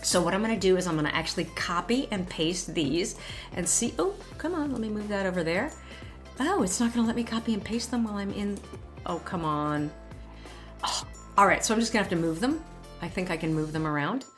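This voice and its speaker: A woman's voice: mid-range voice, quick pace, soft background music. Chatty woman style vlogger thinking aloud. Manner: chatty, thinks aloud, corrects herself mid-sentence. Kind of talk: casual screen-share talk-through.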